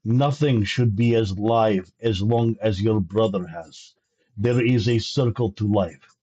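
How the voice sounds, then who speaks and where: An earnest woman speaks in a slow, measured plea, as a man puts her on. The voice is husky and a little raised. It comes through dull, lo-fi stream audio. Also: on the low side, dark tone. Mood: solemn. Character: earnest solemn woman pleading for mercy.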